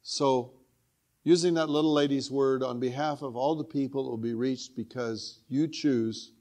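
An older man, a guest preacher, telling a personal story in a sermon with earnest feeling, dropping to a hushed tone at moving points. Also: medium pitch, steady tone, moderate pace.

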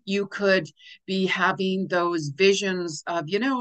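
A middle-aged woman giving a casual spiritual astrology forecast, chatty and animated, laughing often and acting out little quoted reactions. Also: mid-range voice, slow pace. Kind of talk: casual weekly forecast talk.

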